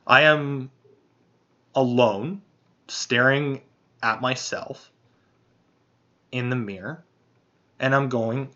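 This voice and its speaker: A man with a bright, forceful voice tells a long personal story in loose, profane podcast chat. He rambles and circles back while he thinks out loud. The sound is dull and lo-fi. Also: medium pitch, fairly even intonation, very slow, pauses often. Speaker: podcast host.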